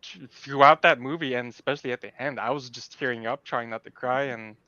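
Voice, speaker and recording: A man's voice: medium pitch, brisk, bright, forceful tone, no echo, dull audio. A man co-hosting a podcast, talking earnestly and animatedly about a film, often restarting his sentences. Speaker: podcast co-host. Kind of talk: casual film discussion.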